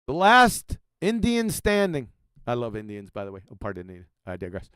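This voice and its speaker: A man hosting a commentary video, reading quotes aloud with emphasis and then making sarcastic, mocking asides, often dropping to a low mutter. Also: wildly swooping pitch, normal speed, fairly bright tone, clean tone, no echo, clean studio sound. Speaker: channel host. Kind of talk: commentary over quoted slides.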